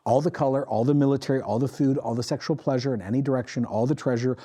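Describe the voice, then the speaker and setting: A male pastor delivering an animated sermon from the pulpit. His voice is mellow and warm, sitting at an ordinary pitch for a man. He swings between raised, emphatic lines and hushed, intense ones, and puts on voices for the people he quotes. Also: fast. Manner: animated preaching, acts out quoted voices, drops to quiet intensity. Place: church.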